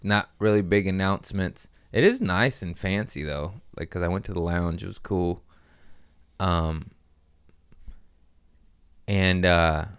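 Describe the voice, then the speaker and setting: A man's voice: on the low side, smooth, no room sound, clean studio sound. A young man hosting a comedy podcast, telling loose stories in casual chat, swearing and doing playful voices.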